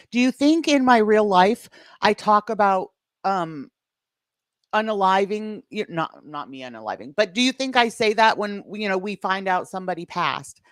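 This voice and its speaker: A woman's voice: fairly low pitch, no echo, clean studio sound. A woman hosting a reaction commentary stream, sarcastic and lecturing. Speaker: commentary channel host.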